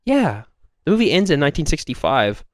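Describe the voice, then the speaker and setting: A man's voice: fairly high pitch, sing-song, a little fast, no echo, clean studio sound. A man co-hosting a podcast in casual chat, sarcastic and argumentative, swearing freely. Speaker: podcast co-host.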